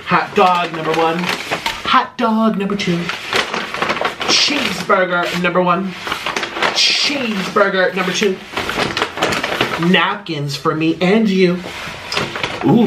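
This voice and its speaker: A man hosting an eating vlog at home, chatting casually while he eats, swinging between bubbly high exclamations and low mumbled asides. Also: very noisy. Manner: chews and talks while eating. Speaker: mukbang host.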